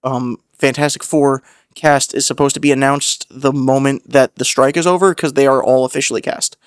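Smooth-voiced, laid-back young man. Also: medium pitch, steady tone, moderate pace, no room sound, clean studio sound. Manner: laid-back, frequent ums, swearing. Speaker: podcast co-host. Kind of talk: casual chat.

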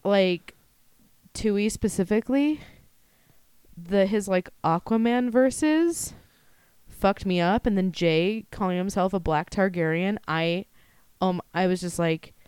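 A young woman co-hosting a podcast in casual chat, blunt and quick to swear and laugh. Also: medium pitch, darkish tone, clear, resonant tone, no echo, clean studio sound. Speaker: podcast co-host.

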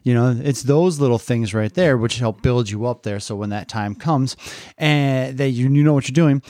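A man's voice: mid-range voice, moderate pace, dark tone, no room sound, studio quality. A middle-aged man and father hosting a casual family podcast, teasing and rambling with restarts into a podcast microphone.

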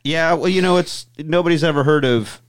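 Smooth-voiced man telling a story. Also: fairly high pitch, a little fast. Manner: animated, profane storyteller who acts out quotes. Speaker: podcast co-host. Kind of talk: casual chat.

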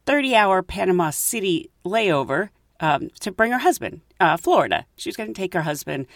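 A woman's voice: medium pitch, sing-song, normal speed, no room sound, clean studio sound. A woman who hosts a podcast and works as a flight attendant, telling casual stories in a chatty way and laughing between story beats.

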